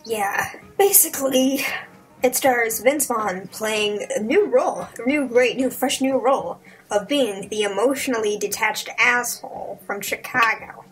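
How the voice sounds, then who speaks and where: A young woman giving a casual, profane movie review, rambling and sarcastic, acting out the characters in quick voices. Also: a little high, soft background music, rough recording.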